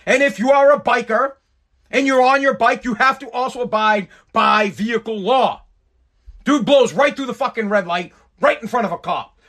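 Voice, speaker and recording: A man's voice: very high-pitched, normal speed, fairly bright tone. A man hosting a solo podcast, ranting in an exasperated, heavily profane way. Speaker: podcast host.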